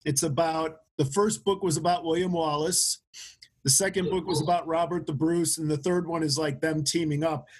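A man's voice: fairly high pitch, fairly even intonation, moderate pace, husky. A man chatting casually on a podcast, rambling with restarts and fillers as he describes a book. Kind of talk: casual chat.

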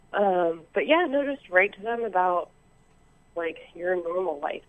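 A woman calling in to a show, talking excitedly and rambling with lots of ums, heard over a phone-like internet line. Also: low-pitched. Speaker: caller. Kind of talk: call-in chat.

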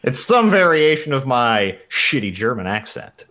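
A man narrates a tabletop role-playing game as its game master, easygoing and unhurried. His voice sits in a middle pitch but moves through a wide, lively range.

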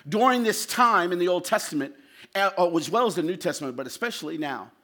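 A man preaching in a church, his fairly high voice bright and forceful. He moves from shouted, fervent lines to low, intimate asides as he speaks to the congregation. The delivery is that of a pastor's sermon. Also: animated, brisk.

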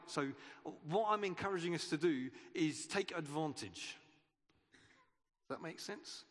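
A man preaches in an earnest, conversational way, his voice sitting a little high. He often stumbles and restarts a phrase. A long church-hall reverb trails after every word. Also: fairly bright tone. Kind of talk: sermon.

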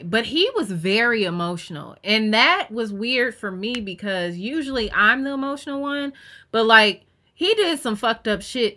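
A woman's voice: mid-range voice, pushed and bright. A young woman co-hosting a podcast, talking candidly in casual chat, swearing freely and leaning on fillers. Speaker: podcast co-host.

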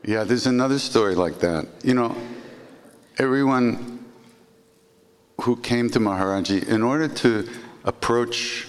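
A man's voice: medium pitch, measured pace, long pauses, smooth, big-room sound. A man telling spiritual stories in a rambling, casual way, full of restarts and "you know.". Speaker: podcast host, storyteller. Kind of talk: casual spoken storytelling.

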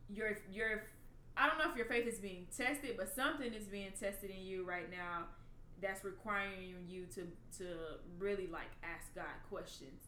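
A woman hosting a casual faith conversation who affirms her guest and asks gentle questions. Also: medium pitch, moderate pace. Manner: affirming, encouraging interviewer. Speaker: podcast host. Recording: echoey room, faint noise.

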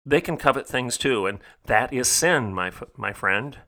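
A middle-aged man hosts his podcast in a preaching monologue. His voice is bright and forceful, sitting at an ordinary pitch for a man. He talks emphatically and rhetorically, repeating phrases to drive each point home. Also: expressive, moderate pace. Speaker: podcast host.

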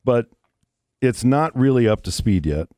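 A man's voice: mid-range voice, expressive, a little slow, a little mellow, no echo, clean studio sound. A man hosting a morning rock radio show, telling a story in a wry, conversational way. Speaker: radio host. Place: radio studio.

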